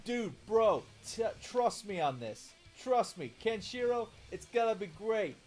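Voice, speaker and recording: A man voicing a brash male wrestling promoter in an exaggerated Brooklyn accent, with a pushy, excitable sales pitch. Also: measured pace, faint music behind. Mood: hyped.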